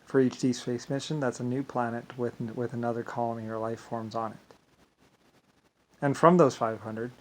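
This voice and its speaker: A man's voice: mid-range voice, steady tone, moderate pace, darkish tone. A man talking alone to camera in a rambling vlog monologue, drifting between thoughts and leaning on filler phrases. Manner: meandering, repeats "like I said" and "blah, blah". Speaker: vlogger.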